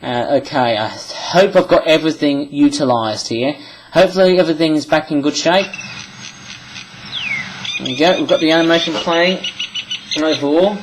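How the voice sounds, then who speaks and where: Man vlogger, rambling walkthrough, voice sits a bit high. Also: normal speed, pauses often, a little hiss or hum, poor audio. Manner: rambling, with many restarts and apologies. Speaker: animation vlogger. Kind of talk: screen-recorded tutorial chat.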